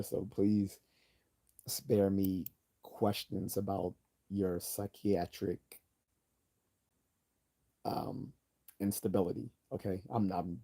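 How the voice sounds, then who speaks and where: A man's voice: sits low, vocal fry, warm tone. A man hosting a casual livestream, chatting loosely, correcting himself often and reading viewer comments aloud. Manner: rambling, self-correcting, reads chat comments aloud. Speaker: livestream host.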